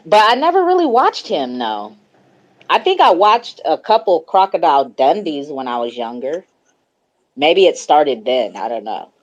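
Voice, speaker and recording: A woman's voice: sits low, very animated, unhurried, muffled recording. A woman hosting a casual online group chat, speaking into her phone in a laid-back, slangy way with plenty of fillers and frequent laughter. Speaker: host of a social audio chat room.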